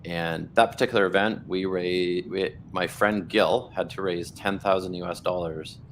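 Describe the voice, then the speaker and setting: A man with a very low, gravelly voice tells his story on a video call, earnest and rambling, with restarts and bits of quoted dialogue. Faint noise sits behind him. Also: fairly even intonation, normal speed. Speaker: guest, blood cancer survivor. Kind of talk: livestream conversation, personal storytelling.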